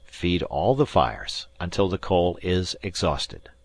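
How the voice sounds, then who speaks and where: A man voicing a cool, precise English gentleman who speaks with calm, measured authority in an audiobook. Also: sits low, slightly rough, dry recording, full character voice. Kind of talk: audiobook character voice.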